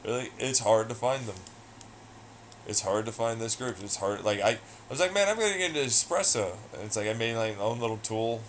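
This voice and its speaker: A man's voice: lowish voice, level tone, a little fast, a little hiss or hum, low-quality recording. A young man chatting casually on a livestream, rambling and swearing a lot in a sardonic tone. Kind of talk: casual stream chat.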